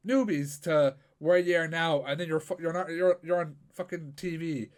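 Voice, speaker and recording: Laid-back Irish podcast host. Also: male voice, fairly high pitch, moderate pace. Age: 20s. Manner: laid-back, swears often. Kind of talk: casual podcast chat.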